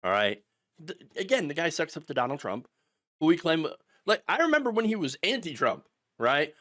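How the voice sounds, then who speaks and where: Sarcastic, lively-voiced male commentator. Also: a little high, normal speed. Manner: sarcastic, mocking voices of opponents. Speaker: political commentary host. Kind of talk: ranting political commentary.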